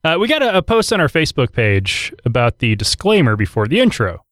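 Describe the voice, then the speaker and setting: A man's voice: mid-range voice, very animated, a little fast, a bit bright, no room sound. A man hosting a podcast in casual chat, joking and talking with frequent fillers into a studio mic. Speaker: podcast host.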